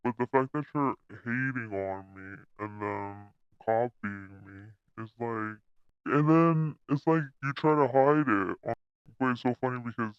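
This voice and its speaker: Slow, emphatic man on a dull recording. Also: medium pitch, clean tone, no room sound. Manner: emphatic, repeating his point. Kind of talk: casual podcast talk.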